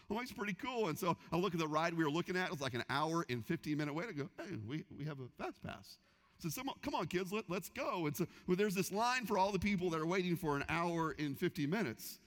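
A middle-aged man preaching a sermon, telling a story and acting out the voices in it. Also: on the high side. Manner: animated, acts out quoted voices. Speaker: pastor. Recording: hall reverb.

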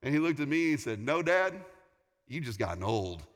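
A man in his forties, a pastor, preaching a sermon with animated, emphatic storytelling. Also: medium pitch, fairly quick, noisy background. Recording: long hall reverb.

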